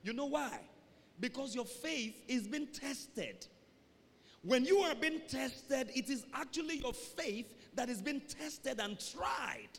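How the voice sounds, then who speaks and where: A male pastor preaching a call-and-response sermon, swinging between loud emphatic calls and low asides. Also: lively intonation, takes it slowly, creaky. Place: church sanctuary. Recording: reverberant church hall, faint noise.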